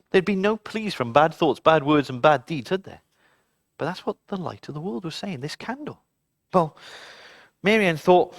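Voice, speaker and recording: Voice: mid-range voice, normal speed, long pauses, dry recording, studio quality. A children's club storyteller telling a Bible story and speaking directly to the kids. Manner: animated, addresses children directly.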